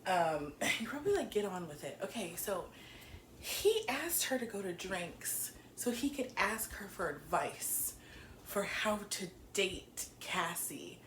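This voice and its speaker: A woman's voice: medium pitch, big pitch swings, takes it slowly, fairly bright tone, slight background noise. A woman recapping a TV episode in a casual, chatty way, giggling often and slap-happy from being up early. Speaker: TV show reviewer. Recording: echoey room.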